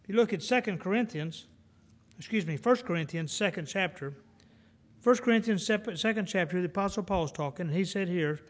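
Guy preaching a sermon, casual folksy style, kinda high voice. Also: lively intonation, normal speed. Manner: folksy, conversational, acts out dialogue.

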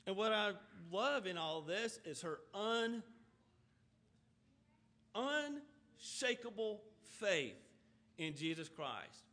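A man's voice: sits high, animated, slow, pauses often, fairly bright tone. A man preaching a sermon, reading scripture aloud and explaining it earnestly, with runs of rhetorical questions. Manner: reads scripture aloud and then explains it in plain talk.

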